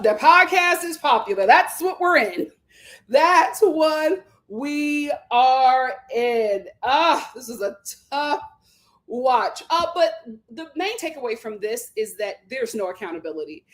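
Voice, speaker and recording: A young woman with a fairly high voice hosts her own reality TV commentary. She talks in an animated, indignant way and often laughs, jumping up in pitch when she quotes her own reactions. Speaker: commentary channel host.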